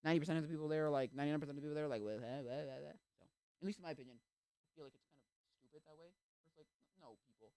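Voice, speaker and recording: A young adult man chats casually on a livestream, racing through tangents full of fillers and acting out quoted voices. His voice is fairly high and fairly even in intonation, with a warm, clear, resonant tone and no room sound.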